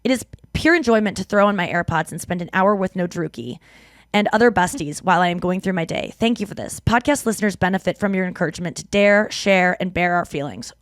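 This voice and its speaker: Lively woman podcast host. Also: lowish voice, fast talker, no echo, clean studio sound. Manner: animated, laughing, reads letters aloud with asides. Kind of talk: casual podcast chat, reading listener mail.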